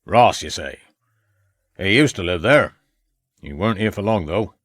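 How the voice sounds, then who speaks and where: A man's voice: low-pitched, animated, measured pace, fairly bright tone, dry recording, clean studio sound, heavily acted. A man voicing a terse elderly farmer, in an audiobook. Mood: curt. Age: older. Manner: terse, blunt, dropped words. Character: gruff elderly male rural farmer.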